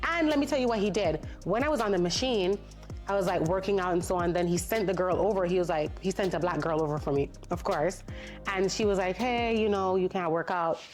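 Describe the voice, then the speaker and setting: A woman vlogger telling a story in a casual, indignant way, acting out the people in it. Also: on the low side. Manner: animated, indignant retelling with quoted voices.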